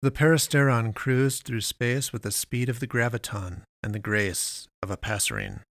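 A man narrating a science fiction story in a measured, deliberate way with long pauses. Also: mid-range voice, lively intonation, vocal fry, fairly bright tone, no echo, studio quality.

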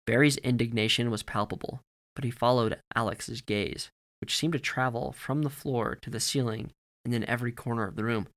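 A male narrator reads a story in a steady, measured voice. His tone is bright and forceful, and his pitch sits in a middle range. The delivery is scripted audiobook narration.

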